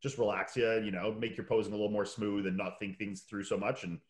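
A man's voice: on the low side, flat delivery, brisk. A man chatting casually as a podcast host, rambling through stories and acting out what others said. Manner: rambling storyteller, acts out quotes. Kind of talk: casual chat. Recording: roomy echo.

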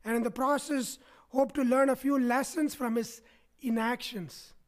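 Speaking in an extremely high voice with fairly even intonation, a man delivers a sermon in church at a measured pace. He often turns to the congregation with a questioning "right?" to keep them with him.

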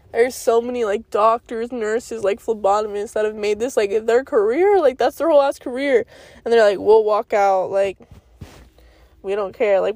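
A woman in her twenties talking through her week in a casual vlog, full of slang, fillers and cursing. Her voice sits a little high for a woman. The sound is close and dry, with no room in it. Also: a little mellow, no echo. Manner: slangy, swears freely, lots of "like". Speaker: vlogger. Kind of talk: casual confessional storytime.

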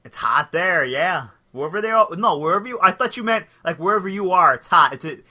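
A young man co-hosting a comedy podcast, trading crude, profane banter. His voice is a touch high and strikingly bright and sharp. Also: animated, fairly quick. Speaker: podcast co-host. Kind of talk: casual comedy chat.

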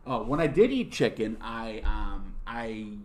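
A man's voice: fairly low pitch, unhurried. A man from upstate New York co-hosting a podcast, swearing freely and ranting in casual banter. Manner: profane, ranting, animated. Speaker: podcast co-host.

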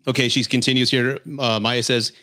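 A male podcast host in a casual, heated rant about dating. He talks bluntly and swears freely, scolding his listeners and breaking into laughter. His voice sits at an ordinary pitch for a man. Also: little pitch movement, a little fast, bright, forceful tone. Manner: blunt and profane, laughs often.

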